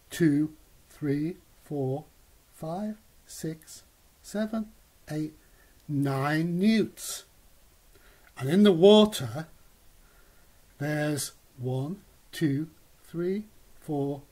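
A man reading a picture book aloud to a child in a slow, animated storytelling manner. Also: a little high. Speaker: reader.

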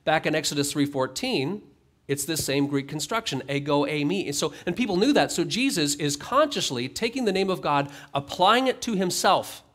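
A man preaching a sermon, voice sitting a little high for a man. He moves between reading scripture aloud and explaining it in a relaxed, conversational way, with touches of dry humor. He sounds middle-aged and at ease. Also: moderate pace. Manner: conversational, reads scripture then comments with light humor. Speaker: pastor.

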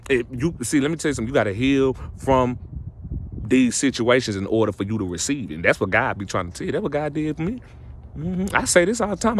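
A young adult man with a slightly high, somewhat bright voice gives casual motivational relationship advice to the camera. His delivery is preachy and repetitive, building up to emphatic peaks.

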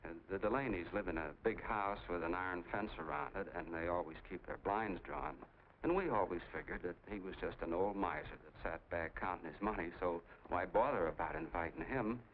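Rambling small-town soda jerk, lower pitch, tinny sound, light hiss. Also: male voice, expressive, fairly quick. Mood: eager. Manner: chatty, rambling storyteller. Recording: tinny 1940s film soundtrack, faint hiss.

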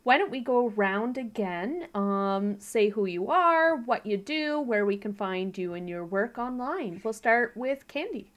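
A woman's voice: a little high, expressive, a little slow, few pauses. A woman hosting a livestream, friendly and upbeat as she wraps up. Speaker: host. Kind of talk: casual chat.

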